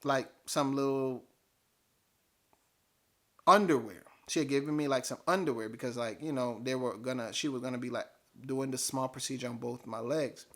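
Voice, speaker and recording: A man telling a personal story casually, animated and full of fillers. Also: medium pitch, normal speed. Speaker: vlogger.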